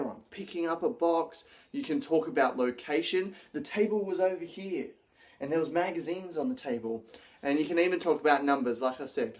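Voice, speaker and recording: A man coaching public speaking straight to camera, energetic, acting out gestures as he explains them. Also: mid-range voice. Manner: energetic, demonstrates gestures while talking. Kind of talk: direct-to-camera teaching video.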